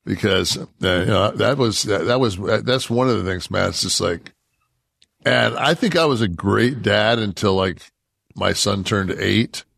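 A man's voice: on the low side, unhurried, vocal fry, a bit bright, no echo, studio quality. A man co-hosting a podcast who tells rambling, profane stories in casual chat. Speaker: podcast co-host.

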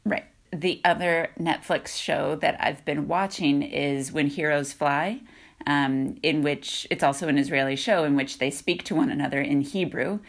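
Low, gravelly-voiced woman in casual chat. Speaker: podcast co-host.

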